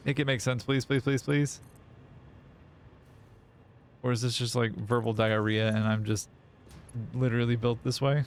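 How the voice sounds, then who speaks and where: A man's voice: mid-range voice, fairly even intonation, measured pace, pauses often. A man live-streaming a factory-building game, rambling in casual, self-mocking chat and swearing freely into a desk mic.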